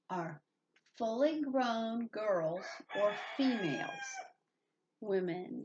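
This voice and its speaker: A woman's voice: mid-range voice, a little mellow, muffled recording, a little hiss or hum. A woman teaching a reading lesson to young children, patiently spelling out words letter by letter and explaining their meanings.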